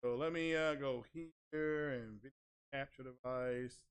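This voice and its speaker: A man's voice: mid-range voice, steady tone, a little slow, clean tone. A man hosting a tech channel, ranting casually with sarcastic, mock-outraged exaggeration and crude, blunt language. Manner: crude, blunt street talk. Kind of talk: casual streamed rant.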